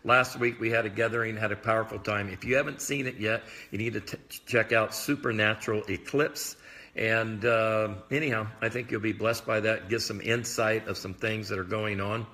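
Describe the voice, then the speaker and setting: Bright-toned man chatting loosely on livestream. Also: lowish voice, fairly even intonation. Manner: rambling, loose, filler-heavy talk; admits talking fast. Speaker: prophetic minister. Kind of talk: casual live video chat.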